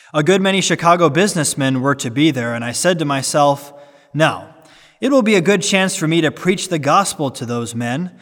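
A man reads an old sermon aloud with an earnest, preacherly cadence, pressing hard on some words and easing off on others. His voice sits somewhat high for a man. Each phrase trails off into a long, lingering reverb. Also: a bit bright. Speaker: sermon reader. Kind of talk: reading a 19th-century sermon aloud.

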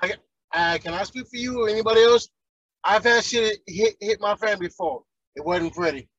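A man's voice: sits high, normal speed, fairly bright tone, dry recording, muffled recording. A man, ranting heatedly and profanely in casual chat as a podcast co-host.

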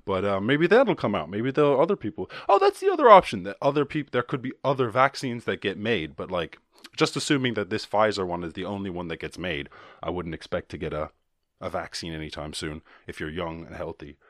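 A man's voice: sits low, sing-song, fairly quick, a bit bright, no echo, clean studio sound. A man hosting a solo podcast, rambling and swearing casually with many restarts. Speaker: podcast host.

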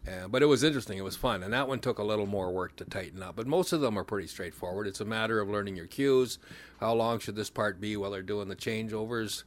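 A man's voice: lowish voice, quick pace. A man, a pit band musician who plays bit parts in community theatre, telling rambling self-deprecating stories in a casual interview.

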